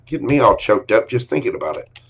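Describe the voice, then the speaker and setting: A man's voice: medium pitch, very animated, quick pace, vocal fry, husky. A man giving a live tarot reading in an upbeat, encouraging way, with frequent exclamations. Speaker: tarot card reader.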